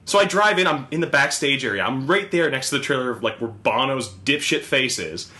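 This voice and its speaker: A man's voice: mid-range voice, animated, fairly quick, sharp tone. A man on a casual podcast telling a work story as a profane, laughing rant. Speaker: podcast co-host. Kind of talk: casual chat.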